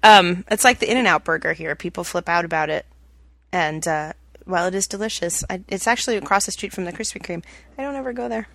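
A woman with a Midwestern accent chatting eagerly on a podcast, her voice bright and forceful. The sound is dry and close, with no room around it, and she talks freely and agrees readily with her co-host. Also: lowish voice, no room sound. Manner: enthusiastic, talkative, quick to agree. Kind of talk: casual chat. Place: home in California.

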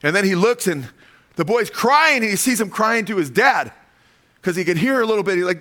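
A man's voice: high voice, expressive, brisk, a bit bright. A man preaching a sermon, emphatic and full of rhetorical questions, telling stories with dramatic flair.

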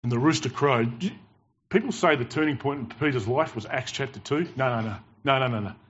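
A man preaching a sermon in church with animated, emphatic storytelling and jokes. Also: mid-range voice, fairly quick, breathy edge. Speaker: pastor. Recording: dull lo-fi church recording.

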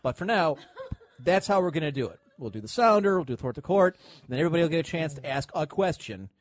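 A man hosting a podcast in relaxed chat from a home studio. His voice sits high and swoops about a lot. He drops curses and fillers as he goes. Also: quick pace. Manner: loose, swearing, laughs often, trails off with fillers. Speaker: podcast host. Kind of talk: casual chat.

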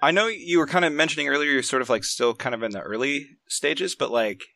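Halting man interviewing casually. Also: on the high side, vocal fry, sharp tone, no echo. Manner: hesitant, lots of fillers and "you know".

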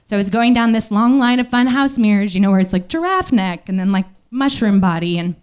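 A woman telling a personal story on stage at a small live venue, speaking candidly and haltingly, with many fillers, into a stage microphone. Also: medium pitch, expressive, darkish tone, smooth.

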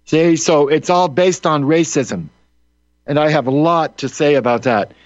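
A man's voice: a little high, measured pace, dry recording, dull audio. A man who hosts a radio show, giving rambling, opinionated commentary full of asides and "you know"s.

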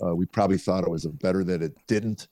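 With a voice that sits low and a quick pace, a middle-aged comedian tells anecdotes as a podcast guest, playing out the characters' voices with lively energy. He comes from a small town south of Chicago, USA. No echo is present.

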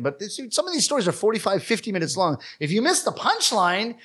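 Canadian male performer, bright slightly high voice, chatty and self-deprecating in interview. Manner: lively, self-deprecating storyteller. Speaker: rakugo performer. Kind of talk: conversational interview.

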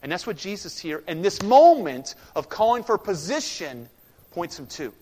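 A man preaching a sermon as pastor, emphatic, swinging from loud declarations to hushed, intense passages, in a church sanctuary. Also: high-pitched, big pitch swings, normal speed. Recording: long reverb of a large sanctuary.

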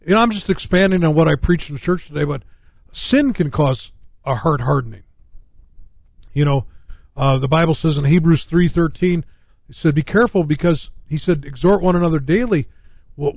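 A middle-aged man preaching in a loose, rambling way, full of fillers and false starts. His voice sits a little high for a man. The sound is dry and close to the mic, with no room echo. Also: darkish tone. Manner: rambling, many fillers and restarts. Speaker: pastor. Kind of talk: radio talk-show sermon.

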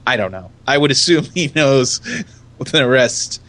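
An American man hosting a casual podcast, teasing his co-host with quick jokes. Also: medium pitch, big pitch swings, sharp tone. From United States. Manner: jokey, teasing, quick asides. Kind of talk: casual chat.

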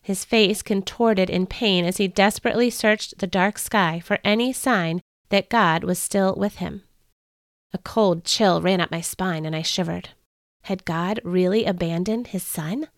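A woman hosting a podcast, reading a first-person story in an earnest, expressive way. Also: mid-range voice, a little slow, no room sound, studio quality. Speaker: podcast host.

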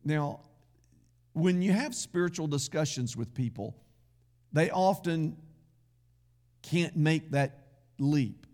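A man's voice: a little high, lively intonation, slow, pauses often, a little mellow. A man pastor preaching a sermon in a folksy, conversational way, with asides to the congregation.

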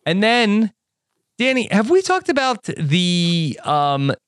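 A man's voice: high voice, very animated, slow, clear, resonant tone, no room sound, clean studio sound. A man co-hosting a podcast in casual chat, talking with frequent fillers and restarts. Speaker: podcast co-host.

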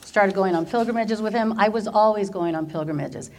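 A middle-aged woman from Orange County, California, giving a personal faith testimony as an animated storyteller who laughs often. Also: medium pitch, a little fast. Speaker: teacher and church worker.

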